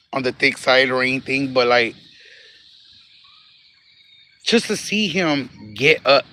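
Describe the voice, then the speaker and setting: Speaking in a mid-range, sharp-toned voice, a man livestreams from his phone outdoors in a cemetery. He tells a personal story casually, laughing often, repeating phrases, and growing emotional.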